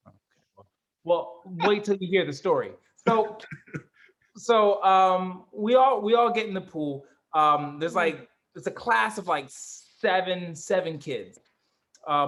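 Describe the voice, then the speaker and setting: A man telling a story in casual chat, animated and profane, acting out the people in it. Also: high-pitched. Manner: animated storyteller, swearing, acts out other voices. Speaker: co-host.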